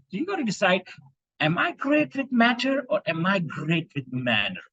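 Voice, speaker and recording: Husky, lively man coaching on public speaking. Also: a little high, no echo, dull audio. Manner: emphatic, addresses listeners directly. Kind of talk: motivational speaking tips. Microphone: video call.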